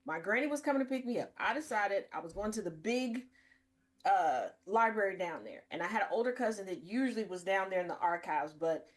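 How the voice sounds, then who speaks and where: A woman from Cincinnati, hosting a podcast and telling a comic story in an animated way, laughing often. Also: medium pitch, brisk. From Cincinnati, Ohio. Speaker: podcast host. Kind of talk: comedic casual storytelling.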